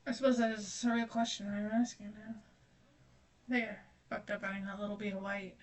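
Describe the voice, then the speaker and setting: A young woman streamer chats casually as she paints, rambling, poking fun at herself and swearing freely. Her voice is medium-pitched, level and brisk, and it sounds distant because the microphone is far away.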